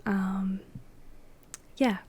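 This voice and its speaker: A soft-spoken woman answers viewer questions in a hushed ASMR delivery, often slipping into unvoiced whispers. Her tone is mellow and dark, and her pitch sits in a middle range. She talks unhurriedly, with small laughs and relaxed fillers. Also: drawn-out words, husky. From Australia. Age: adult.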